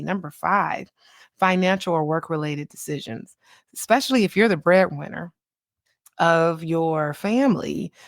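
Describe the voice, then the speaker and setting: A woman in her thirties hosting a podcast as a child psychiatrist, talking in a chatty, animated way and laughing easily. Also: low-pitched, no echo, studio quality. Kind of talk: casual solo podcast talk.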